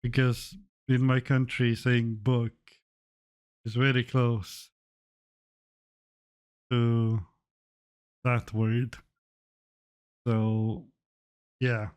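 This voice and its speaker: A man's voice: medium pitch, flat delivery, extremely slow, long pauses, darkish tone, smooth. A young man streaming his reaction to a video, swearing often with blunt, incredulous asides. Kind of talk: casual reaction commentary.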